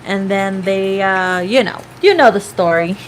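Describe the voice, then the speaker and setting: A woman's voice: mid-range voice, big pitch swings, takes it slowly, slight background noise, poor audio. A woman giving a casual tarot reading, chatty and profane, now and then breaking into snatches of song. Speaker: tarot reader.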